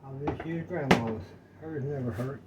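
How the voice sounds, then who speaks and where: A man's voice: mid-range voice, moderate pace, distant mic, very noisy. An older man, chatting in a folksy, rambling way while cooking in his home kitchen. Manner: folksy, rambling, talks to viewers as y'all. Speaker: cooking vlogger. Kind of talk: casual home cooking chat.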